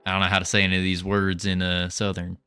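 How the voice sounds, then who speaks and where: A man's voice: low voice, monotone, fast, pushed and bright, clear, resonant tone. A man on a casual livestream, rambling and thinking aloud with small restarts while he works on code. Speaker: game developer streaming.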